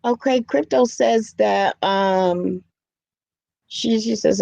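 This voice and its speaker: A woman's voice: lowish voice, takes it slowly, vocal fry, mellow, dry recording, lo-fi sound. A middle-aged woman hosting a casual live-stream chat, talking earnestly and with feeling, reading viewer comments aloud. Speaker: live show host.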